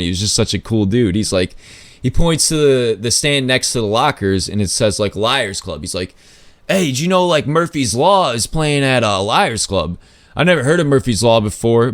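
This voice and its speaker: A man at a middle pitch tells a story in a relaxed, rambling way, leaning hard on "like" and casual swearing. He jumps up in pitch when he acts out what other people said. The sound is dry and close, with no room around him. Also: dry recording. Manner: loose, filler-heavy talk with lots of "like" and swearing. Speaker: podcast host.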